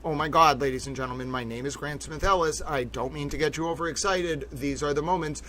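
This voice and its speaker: A man hosting a live stream, talking in an excited, breathless way and repeating himself. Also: fairly high pitch, fast talker, rough recording. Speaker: livestream host.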